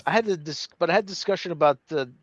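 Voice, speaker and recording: A man's voice: fairly high pitch, fast, no room sound, dull audio. A man chatting casually while gaming, rambling and telling stories. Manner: rambling, restarts, tells stories with voiced quotes.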